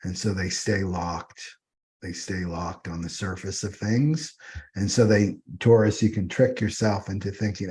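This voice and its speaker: A man's voice: deep voice, fairly even intonation, measured pace, mellow, breathy edge. A man teaching astrology off the cuff, rambling and often asking "right?" as he goes.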